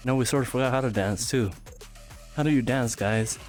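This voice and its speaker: A young male streamer talks to his chat while dancing in VR, breathless and quick to giggle. His voice sits at a middle pitch, with faint music playing under him. He chats loosely and playfully, reading out names from chat. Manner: chatty, giggly, animated, reads chat aloud. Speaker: livestreamer. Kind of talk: casual live-stream chat.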